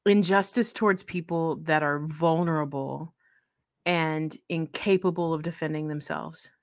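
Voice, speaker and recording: A woman's voice: low-pitched, measured pace, dry recording, clean studio sound. A woman co-hosting a casual faith podcast, talking earnestly and bursting into laughter. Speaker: co-host.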